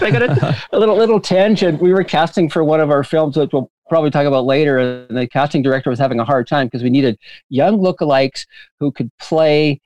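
A man telling stories as a guest in an interview, rambling and animated with frequent laughter and restarts. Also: on the high side, dry recording. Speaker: filmmaker guest. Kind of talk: casual interview storytelling.

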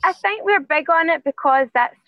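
Soft-spoken high Scottish woman on a tinny line. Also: moderate pace, no room sound. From Scotland. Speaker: professional fighter guest. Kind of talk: interview answers.

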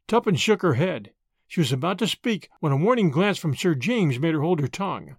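A man narrating an audiobook in an expressive storytelling way. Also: a little high, fairly quick, slightly rough, dry recording, clean studio sound.

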